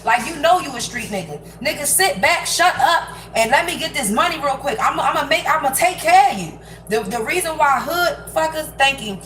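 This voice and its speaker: Young woman ranting while she cooks, cussing a lot, kinda high voice, echoey kitchen with noise behind. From Prince George's County, Maryland. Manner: blunt, profane, rambling street talk. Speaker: vlogger. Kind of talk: casual rant while cooking. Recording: echoey room with background noise.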